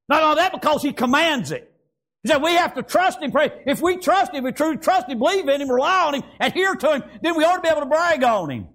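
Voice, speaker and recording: A man's voice: very high voice, a bit bright. A man preaching a fervent sermon, breaking often into "praise God" and asking the congregation "Amen?". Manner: fervent, repeats praise phrases and call-and-response "Amen?".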